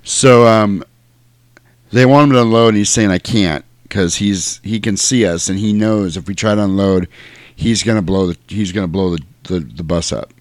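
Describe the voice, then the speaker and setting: A man's voice: on the low side, moderate pace, no echo. A man chatting casually on a podcast, animatedly retelling a movie scene by scene and laughing often. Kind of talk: casual chat recapping a movie.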